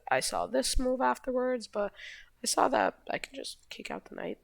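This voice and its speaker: Going through a chess game in a casual walkthrough, a woman host speaks with a medium-pitched, sing-song, gravelly and slightly bright voice at normal speed. She rambles, fixes her own slips, and waves off mistakes offhandedly, with no echo.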